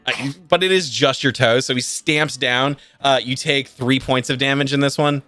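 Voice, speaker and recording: A man narrating a tabletop game as game master over a voice call, animated and laughing often, with many fillers. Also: medium pitch, normal speed, dry recording, faint music behind. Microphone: computer mic on a voice call.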